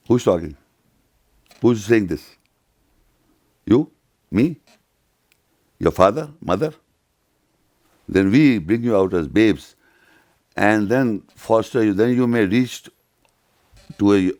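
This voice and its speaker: Low-voiced man, dry close sound, emphatic, repeats his questions, middle-aged. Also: darkish tone, no room sound. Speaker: speaker at youth session. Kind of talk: interactive talk with scripture reading.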